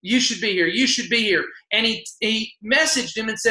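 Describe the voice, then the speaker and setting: A man co-hosting an online sales party in a casual, upbeat pitch, repeating himself for emphasis. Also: normal speed, sharp tone, echoey room, rough recording.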